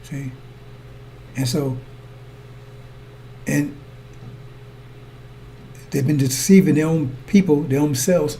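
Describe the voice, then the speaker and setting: Male preacher, fairly high gravelly voice, repetitive sermon delivery to the congregation. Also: steady tone, a little slow, pauses often, mellow, a little hiss or hum. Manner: repetitive, asks listeners to follow along; addresses congregation as brothers and sisters.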